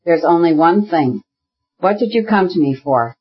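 A husky-voiced reader voicing a bitter, ailing radical brother who argues heatedly, in an audiobook. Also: mid-range voice, expressive, moderate pace, muffled recording, pitched above the performer's own voice. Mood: agitated. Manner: heated, argumentative, bursts into shouting.

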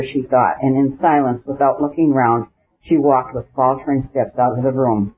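A man narrating a classic novel as an audiobook in a measured storytelling manner. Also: medium pitch, fairly even intonation. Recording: dull lo-fi recording.

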